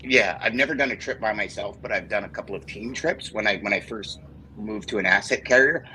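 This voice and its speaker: A man hosting a podcast, telling a story casually and getting animated and swearing when worked up. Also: lowish voice, a little fast, a little hiss or hum, poor audio. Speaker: podcast host.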